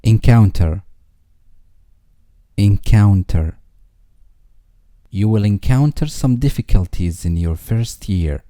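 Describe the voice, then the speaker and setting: For an English lesson, a man slowly reads a scripted list, repeating each vocabulary word twice before giving an example sentence. His voice is dark, mellow and fairly low, recorded close and dry.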